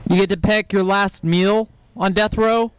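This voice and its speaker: Deadpan man telling one-liners. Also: high-pitched, measured pace, smooth, dry recording. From Texas. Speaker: stand-up comedian. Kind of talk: stand-up comedy set.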